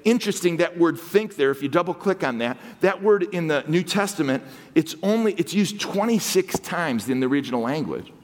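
A man preaching a sermon as guest preacher, swinging between excited exclamations and hushed asides. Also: on the high side, a little fast. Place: church sanctuary. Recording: long hall reverb.

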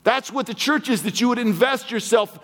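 High-voiced animated preacher man, echoing hall. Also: brisk. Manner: animated, swings between exclamations and hushed asides. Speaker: guest preacher. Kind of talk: sermon. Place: church sanctuary. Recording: long hall reverb.

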